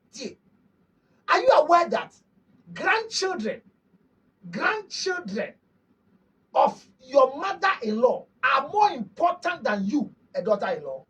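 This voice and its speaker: A Ghanaian man counsels his listeners with emphatic, preachy conviction and keeps firing rhetorical questions at them. His voice sits unusually high and swoops a lot as he lectures. He sounds a bit distant from the microphone. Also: a bit bright. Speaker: counselor and host. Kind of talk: preaching-style advice talk, mixing English and Twi.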